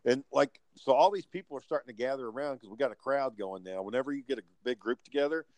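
A man spins a rambling convention story in loose, profane chat. His voice sits at an ordinary pitch and is recorded close and dry, with no room around it. He slips into other people's voices as he tells it. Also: quick pace, no echo, rough recording. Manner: profane, animated storyteller who acts out other people's lines. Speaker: podcast co-host.

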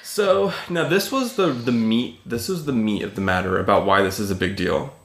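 A man's voice: medium pitch, moderate pace, a bit bright, roomy sound. A man co-hosting a podcast in casual chat, reading out study findings and swearing casually. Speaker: podcast co-host.

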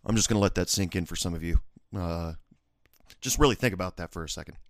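A young man hosting a podcast, telling jokes and stories in a casual, animated way. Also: sits low, fast, dry recording, clean studio sound. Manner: animated storytelling, joking. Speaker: podcast host. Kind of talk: casual chat.

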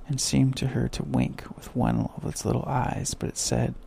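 A man reading a children's story aloud in a soft, measured way. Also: mid-range voice, little pitch movement, a little hiss or hum. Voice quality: creaky, husky.

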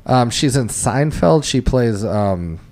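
A man's voice: mid-range voice, lively intonation, slow pace, darkish tone. A man co-hosting a casual podcast, chatting about a movie and its cast. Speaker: podcast co-host.

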